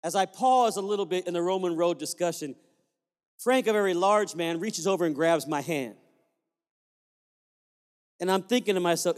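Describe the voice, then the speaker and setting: High-voiced man preaching in an echoing hall. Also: normal speed, pauses often. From Puerto Rico. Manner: animated storyteller, acting out dialogue. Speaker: pastor. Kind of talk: storytelling sermon. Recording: long hall reverb.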